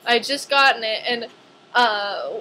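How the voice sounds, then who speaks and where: A young woman ranting casually to camera in a vlog, chatty and animated, with lots of "like". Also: on the high side, a little slow, slight background noise, rough recording. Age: young adult.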